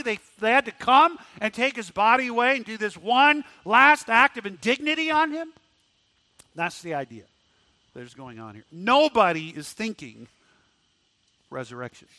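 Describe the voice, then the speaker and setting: Male pastor, sermon delivery; high, very bright voice, dry sound, dramatic shifts between loud and hushed. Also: animated, moderate pace, no echo. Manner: dramatic swings from loud questions to hushed low tones; repeats words when restarting.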